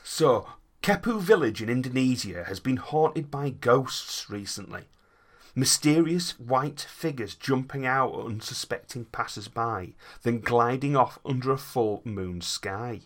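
Chatty man with a lively, rambling delivery. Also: medium pitch, measured pace. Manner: rambling, chatty, stops and restarts often. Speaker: co-host reading out a news story. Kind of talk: joking comic banter.

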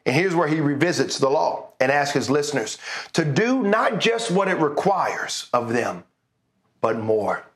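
A man's voice: on the high side, very animated, a little slow. Man preaching a conversational sermon. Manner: conversational storytelling, rising to exuberant praise. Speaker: pastor. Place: church service streamed online.

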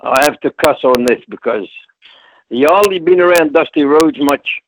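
A man's voice: on the high side, measured pace, no echo, poor audio. A Scottish-born man, a former wrestler, telling stories in a plainspoken, folksy way as a guest on an interview show. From Scotland. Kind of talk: casual storytelling interview.

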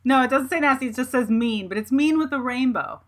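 A woman hosting a podcast in casual chat, animated and often laughing. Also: sits high, brisk. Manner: animated, laughing, quotes herself in voices. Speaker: podcast host.

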